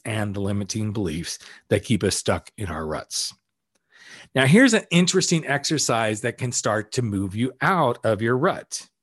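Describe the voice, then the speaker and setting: A middle-aged man talks listeners through his steps like a casual life coach, loose and direct, now and then swearing. His voice sits at an ordinary middle pitch. The recording is dry and close, with no room sound. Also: dry recording. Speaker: podcast host, life coach. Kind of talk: solo podcast talk.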